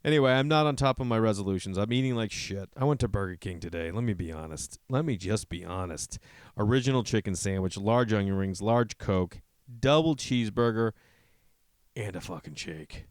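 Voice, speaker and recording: A man hosts a podcast in a clear, resonant voice, speaking a little fast with no echo. He tells rambling comedic stories packed with swearing, animatedly acting out other people's lines in a higher voice.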